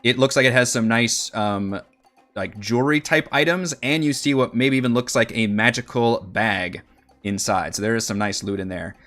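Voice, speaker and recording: A man narrating as dungeon master in an online tabletop game, relaxed, with many fillers. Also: mid-range voice, normal speed.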